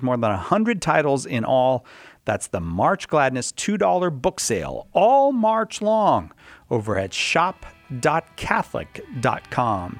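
A man's voice: medium pitch, no room sound. Male radio host with faint music. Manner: upbeat promotional delivery. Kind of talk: radio hosting and live ad read. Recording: dry studio mic with faint music.

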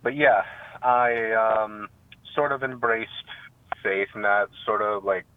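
A man's voice: fairly low pitch, steady tone, slow, smooth, dry recording. Hesitant New York man on a phone line. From Staten Island, New York. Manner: rambling, hesitant, many fillers and restarts. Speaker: caller. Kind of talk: casual phone call. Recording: dry tinny phone line.

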